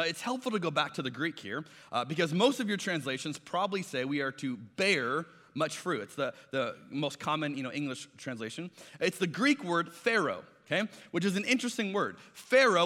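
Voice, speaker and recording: A man's voice: a little high, animated, moderate pace, hardly any pauses, sharp tone, big-room sound. A man preaching a sermon, telling stories in a conversational way and acting out the voices of the people in them. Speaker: pastor.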